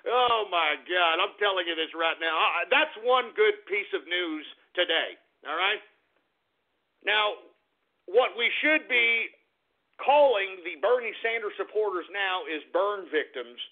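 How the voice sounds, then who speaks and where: A man's voice: high voice, expressive, unhurried. A man hosting a talk radio show, ranting gleefully and mocking his listeners. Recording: tinny phone-like radio audio.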